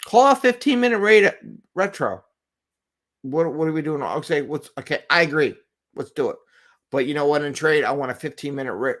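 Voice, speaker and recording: An earnest middle-aged man talks casually on a live stream from his home. He rambles, repeats himself and laughs lightly between thoughts. His pitch sits in an ordinary middle range. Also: a bit bright. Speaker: agile coach and show host. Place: home, with a cat nearby.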